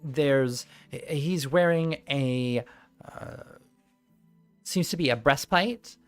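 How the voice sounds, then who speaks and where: A man's voice: a little high, slow, faint music behind. A man narrating a tabletop game as game master on a live stream, rambling and easily distracted, laughing often.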